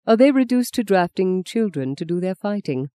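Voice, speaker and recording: A narrator voicing a tall, kindly, middle-aged archbishop who talks slowly and softly, with gentle wryness. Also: medium pitch, very animated, dry recording, pitched above the performer's own voice, close to an everyday voice. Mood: curious. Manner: slow, soft, gently wry. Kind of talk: audiobook character reading.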